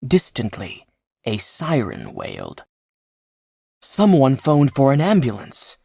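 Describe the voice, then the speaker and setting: A woman narrating an audiobook in a measured, unhurried storytelling manner. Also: rumbling low, huge pitch swings, creaky, mellow, slightly rough, dry recording, clean studio sound. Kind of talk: scripted narration.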